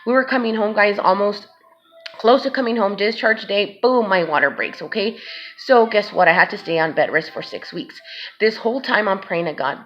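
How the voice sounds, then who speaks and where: A woman's voice: medium pitch, moderate pace, lo-fi sound, soft background music. A mother speaking to her viewers, telling an emotional personal story and often calling them "guys". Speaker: vlogger and mother.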